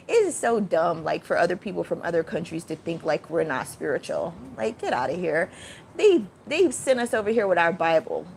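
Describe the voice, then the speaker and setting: A woman hosting a casual livestream, rambling and chatty, breaking off to greet viewers with sudden high exclamations. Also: vocal fry, a little hiss or hum. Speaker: livestream host.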